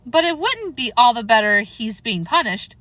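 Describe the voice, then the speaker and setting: A woman's voice: on the high side, sing-song, normal speed, a bit bright, no echo. A woman voicing a curious little girl. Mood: puzzled. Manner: earnest, puzzled questioning. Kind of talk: audiobook character reading.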